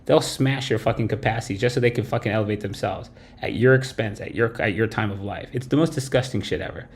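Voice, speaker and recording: A man's voice: on the low side, quick pace. Blunt, foul-mouthed male stream host. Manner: blunt, heavy swearing, tags lines with "right?". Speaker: livestream host. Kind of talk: profane late-night stream rant.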